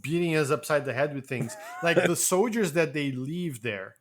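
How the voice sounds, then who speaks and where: Guy cohosting a movie podcast, kinda high voice, rambles and laughs a lot. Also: animated, normal speed, slight background noise. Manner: rambling, laughs often, mocks dialogue. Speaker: podcast co-host. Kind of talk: casual movie review chat.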